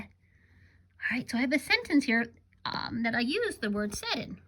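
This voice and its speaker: Slow, lively kindergarten teacher woman. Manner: animated, drawn-out teacher talk with sudden high exclamations. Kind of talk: recorded remote classroom lesson.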